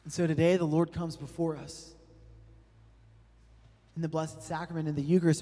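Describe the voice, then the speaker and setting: A man preaching a sermon, moving from quiet, intimate passages up to loud, shouting climaxes. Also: on the high side, level tone, normal speed, long pauses. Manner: builds from soft to shouting. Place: large church hall. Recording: long hall reverb.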